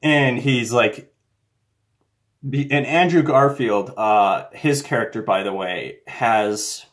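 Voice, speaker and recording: A man talking casually to the camera and retelling a film in a rambling, conspiratorial way, with many fillers. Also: fairly low pitch. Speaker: commentator. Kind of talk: casual monologue.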